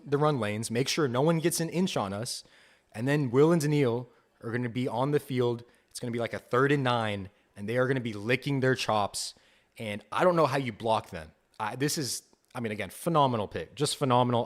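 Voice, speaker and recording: Young dude hosting a live fan stream, hyped and chatty, says stuff twice. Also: male voice, medium pitch. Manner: excited, enthusiastic, repeats himself. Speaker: podcast host. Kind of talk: live fan reaction commentary.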